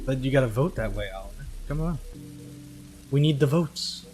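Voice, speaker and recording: A man at a middle, unremarkable pitch streams a game and talks to his viewers in a loose, teasing way. He jokes with his chat as he plays. Loud game music and the sound of rain run under his voice. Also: expressive, moderate pace. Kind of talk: live-streamed gameplay chat.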